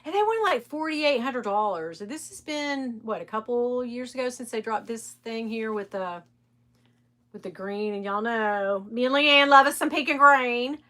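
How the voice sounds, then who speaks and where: A woman's voice: fairly high pitch, expressive, normal speed, bright, forceful tone. A middle-aged woman, hosting a casual live stream and chatting candidly, swearing freely and laughing often. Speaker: live stream host reselling designer bags.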